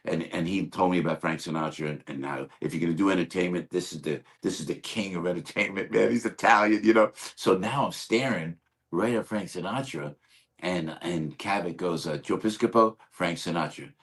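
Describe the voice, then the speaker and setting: An older man who is a guest comedian, telling show-business anecdotes in an animated way, acting out quoted voices and repeating words for effect. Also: low voice, brisk.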